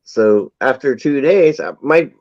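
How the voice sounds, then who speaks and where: A man's voice: medium pitch, animated, a little slow, a little mellow, no room sound. A man telling a long rambling anecdote in casual chat. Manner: rambling anecdotal storytelling with acted quotes. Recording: dull lo-fi sound.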